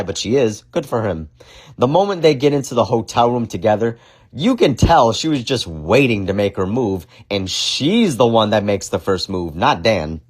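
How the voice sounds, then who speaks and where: A man hosting a casual film review, joking crudely and swearing often. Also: medium pitch. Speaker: movie review host. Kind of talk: casual profane film commentary.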